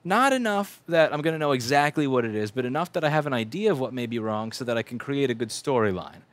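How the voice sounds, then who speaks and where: A man's voice: mid-range voice, animated, fast, dry recording. A man talks off the cuff on a livestream from his repair bench, blunt and profane. He stops and restarts sentences and leans on fillers, in a mid-range voice. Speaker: livestream host and repair technician. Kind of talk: rambling casual livestream talk. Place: repair shop workbench.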